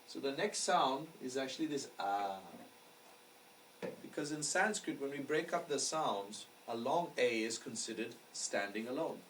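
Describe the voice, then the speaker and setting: Man teacher, mid-pitched, patient and explanatory with students, recorded a bit far off with faint noise behind. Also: animated, a little slow. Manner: patient, explanatory, often checks understanding. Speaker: astrology teacher. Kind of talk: classroom lecture. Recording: distant mic with faint background noise.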